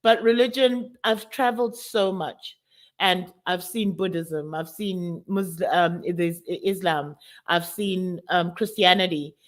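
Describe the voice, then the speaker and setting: A woman's voice: fairly low pitch, fairly even intonation, unhurried. A woman with a college-age daughter, from South Africa, speaking candidly and with emotion as a summit speaker, often calling her audience "guys". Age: adult with college-age daughter. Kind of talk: personal testimony talk.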